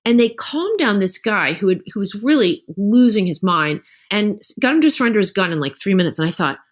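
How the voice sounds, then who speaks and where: A middle-aged woman talking casually as a guest author on a podcast, telling animated stories and acting out the lines of other people. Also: mid-range voice, a little fast. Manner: animated storytelling, acts out quoted dialogue.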